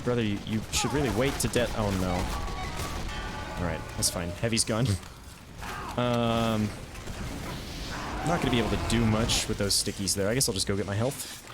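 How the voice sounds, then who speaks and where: A man streaming a video game, chatting casually about his plays with self-amused asides and quick reactions. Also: lowish voice, over loud music. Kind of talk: casual gameplay commentary.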